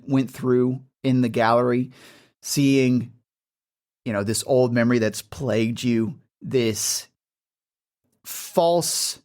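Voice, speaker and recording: A game master narrating a tabletop game in a casual, animated way, with lots of filler words. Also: mid-range voice.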